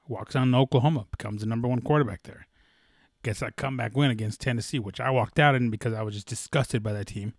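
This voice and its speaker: A young man hosting a casual sports talk show, rambling and excitable, with lots of fillers and profanity. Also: lowish voice, fast, dry recording, clean studio sound. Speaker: sports podcast host.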